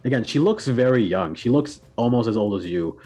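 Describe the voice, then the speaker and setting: A man narrating as game master, relaxed and pausing often with fillers. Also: medium pitch, faint music behind. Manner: relaxed, with frequent filler pauses.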